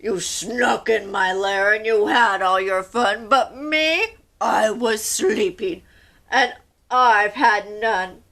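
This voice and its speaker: A woman's voice: medium pitch, slow, a bit bright. A woman voicing a big grumpy bear from a children's storybook, complaining indignantly. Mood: grumbling.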